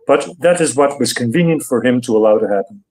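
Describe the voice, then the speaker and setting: An older male guest analyst with a mid-pitched voice lays out his views in an interview. He speaks deliberately, pausing often with fillers as he builds each point. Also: lively intonation, a little mellow, low-quality recording. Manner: deliberate, hesitant, with many fillers.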